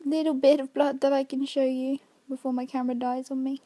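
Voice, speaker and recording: A woman's voice: high voice, level tone, a little fast, dark tone. A young woman, chatty and explaining each step of a makeup tutorial. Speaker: makeup artist.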